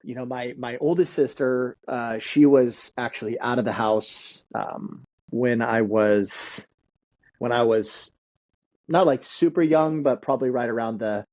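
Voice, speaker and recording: A man's voice: medium pitch, steady tone, a little slow, lo-fi sound. A man in his thirties, a guest telling stories from his childhood in a casual way and laughing often. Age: 30s. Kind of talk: casual storytelling.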